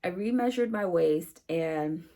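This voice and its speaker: A woman's voice: fairly low pitch, lively intonation, measured pace, mellow. A woman vlogger chatting casually to the camera about her sewing projects, with frequent fillers and a friendly, talkative manner. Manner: chatty, many fillers, says "y'all" and "you guys".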